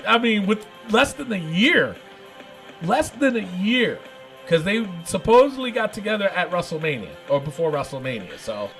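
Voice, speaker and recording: Excitable, laughing male podcast host. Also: sits high, rough recording. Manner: laughs often, excitable, repeats words. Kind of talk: casual podcast chat.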